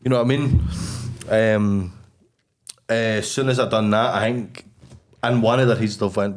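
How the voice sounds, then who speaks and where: Scottish guy on a podcast, lowish voice, swears a lot, rattles off his story. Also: moderate pace. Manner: blunt, sweary, animated storytelling. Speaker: podcast guest. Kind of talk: casual storytelling.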